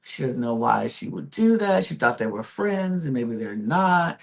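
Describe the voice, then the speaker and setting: A young adult woman hosting a podcast, recapping a reality show in a sassy, animated way and acting out the quotes. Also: very deep voice, measured pace, gravelly. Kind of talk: casual recap chat.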